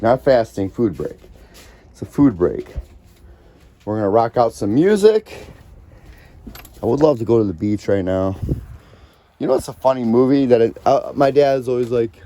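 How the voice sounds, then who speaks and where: A man's voice: on the low side, animated, a little slow, long pauses, warm tone, slight background noise. A man vlogging in a casual, rambling way, chatting and jumping from one topic to the next. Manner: chatty, scattered, jumps between topics. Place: at home, then outdoors in a store parking lot.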